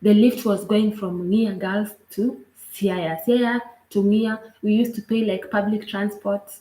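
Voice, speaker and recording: A woman's voice: medium pitch, steady tone, warm tone. Earnest Kenyan woman, echoey room. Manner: earnest, halting, frequent "like" asides. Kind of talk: personal storytelling. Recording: roomy echo.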